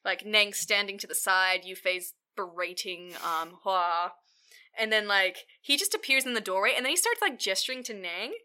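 A woman's voice: mid-range voice, animated, normal speed, sharp tone, clear, resonant tone. A woman podcast co-host in casual chat, recapping a series in a rambling way full of fillers.

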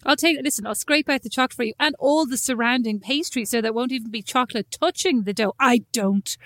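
Woman, fairly high voice, animated storyteller, casual chat with sister, dry close sound. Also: fast, dry recording. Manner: animated storyteller, acts out quoted lines.

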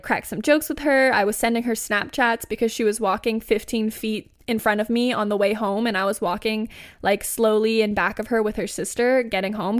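A woman in her twenties hosting a podcast, chatting through a funny personal story with lots of "like" and laughs. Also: mid-range voice. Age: 20s. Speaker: podcast host. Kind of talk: casual storytelling.

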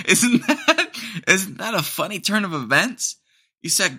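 A man's voice: medium pitch, very animated, takes it slowly, pauses often, pushed and bright. A young man hosting a podcast, rambling through a casual comedic monologue with sarcasm and laughter at his own jokes. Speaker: podcast host.

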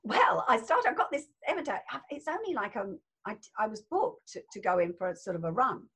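An older actress chatting as an interview guest, effusive and laughing often, with a husky voice. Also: female voice, on the high side, sing-song, fairly quick, fairly bright tone. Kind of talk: casual interview chat.

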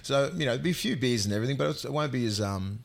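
A man's voice: mid-range voice, very fast, vocal fry. Blunt Australian man talking footy. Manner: relaxed, swearing, blunt opinions. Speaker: podcast co-host. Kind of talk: casual chat and sports talk.

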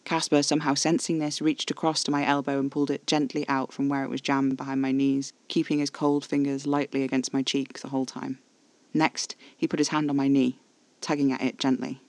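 A man's voice: medium pitch, monotone, fairly quick, dry recording. A man giving tense, intimate first-person narration of a horror audio drama.

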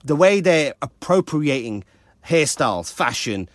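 A British man hosts a relaxed discussion and talks with real passion. His pitch is fairly high and swings widely when a point takes hold of him. The sound is dry and close. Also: measured pace, dry recording. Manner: animated, rises sharply when passionate. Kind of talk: casual discussion.

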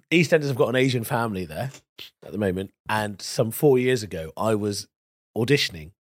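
A man's voice: lowish voice, lively intonation, normal speed, dry recording, clean studio sound. A man from East London, a comedian co-hosting a podcast, telling stories in a playful, teasing way. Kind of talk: casual comedy chat.

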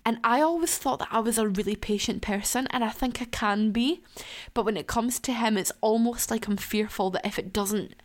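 A woman's voice: a little high, moderate pace. A woman talks straight into a laptop from her living room as a solo podcast host. Her chat is casual and candid. She laughs easily and swears now and then. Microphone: laptop beside her.

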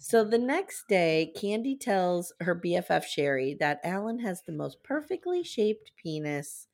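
Lively, animated woman podcast host. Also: lowish voice, measured pace, gravelly. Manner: animated, acts out quotes from the episode. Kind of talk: casual recap chat.

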